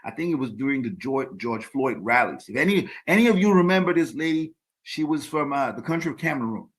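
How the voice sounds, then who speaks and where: Man, podcast host, solo opinion monologue, emphatic, repeats himself, mid-pitched voice. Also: expressive, a little fast. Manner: emphatic, repeats words when building a point.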